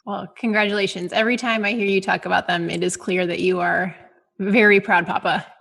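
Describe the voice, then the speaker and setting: A woman's voice: mid-range voice, steady tone, a little fast, creaky, fairly bright tone. A woman hosting a podcast interview, asking questions in a supportive, encouraging way. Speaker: podcast host. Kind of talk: casual interview chat.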